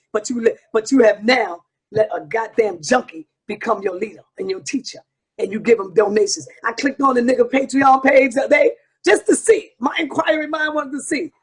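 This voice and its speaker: A man's voice: very high voice, a little fast, husky. A man hosting an online show, delivering a heated, profane monologue straight to his viewers. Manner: profane, combative, preaching to viewers.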